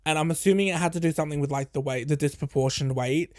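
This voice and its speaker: Guy with a high voice ranting on his podcast, cussing a lot, doing everyone's lines. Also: quick pace, no echo, clean studio sound. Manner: animated, profane, acts out quoted people. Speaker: podcast host. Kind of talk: casual storytelling monologue.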